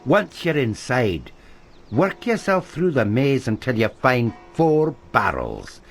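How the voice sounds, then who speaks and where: A man's voice: medium pitch, very animated, slow, faint music behind. An actor playing a mysterious male guiding voice, giving cryptic instructions.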